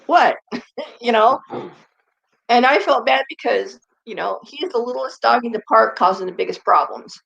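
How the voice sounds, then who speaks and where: A woman's voice: a little high, moderate pace, vocal fry, fairly bright tone, highs cut off. A woman vlogger chatting casually and rambling, often turning to talk to her dogs. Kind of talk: casual chat.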